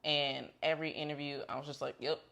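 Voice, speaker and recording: A woman co-hosting a podcast, telling a candid, animated story about her faith in casual chat. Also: low voice, moderate pace. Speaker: podcast co-host.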